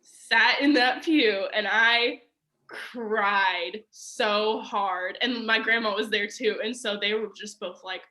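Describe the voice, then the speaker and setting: A woman's voice: mid-range voice, slow pace, sharp tone. A young woman telling a personal story as a podcast guest, chatty and casual, full of "like" and fillers. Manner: chatty, filler-heavy with frequent "like" and laughs.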